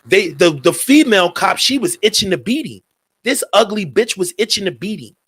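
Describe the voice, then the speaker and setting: Heated, high-voiced man ranting on talk radio. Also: very animated, normal speed, fairly bright tone, slightly rough. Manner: heated, profane, repetitive. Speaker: radio show host. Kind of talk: angry talk radio commentary.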